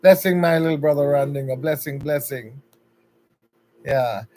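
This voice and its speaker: A man's voice: a little high, normal speed, darkish tone, rough recording. A man with a Jamaican accent hosting a casual livestream, chatty and upbeat, greeting viewers one by one by name. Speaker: livestream host.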